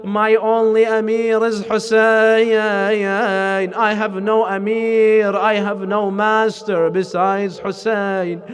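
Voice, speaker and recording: A man's voice: high voice, level tone, takes it slowly, hardly any pauses, faint music behind, voice pushed up. A man voicing a grieving, loyal envoy. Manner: dignified, sorrowful pleading. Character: grieving loyal male envoy facing death.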